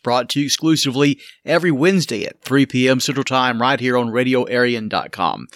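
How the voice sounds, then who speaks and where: A man hosting a podcast who opens with an announcer-style welcome and a brisk rundown. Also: medium pitch, fairly bright tone, no echo, studio quality. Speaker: podcast host. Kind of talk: podcast opening.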